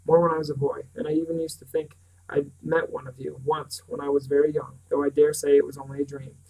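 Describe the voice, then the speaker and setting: A man's voice: a little high, little pitch movement, gravelly, distant mic, poor audio. A man reading the lines of a lean, weathered older sheep farmer who talks plainly and at times sharply, in an audiobook reading. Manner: slow, plain-spoken, occasionally sharp.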